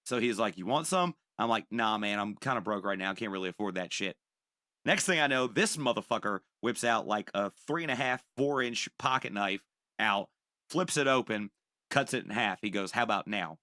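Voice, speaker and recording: A young man on a podcast telling a profane, animated story and acting out the people in it. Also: on the low side, normal speed, no room sound, studio quality. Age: young adult. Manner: animated, profane, acts out quoted voices. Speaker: podcast co-host. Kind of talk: casual storytelling.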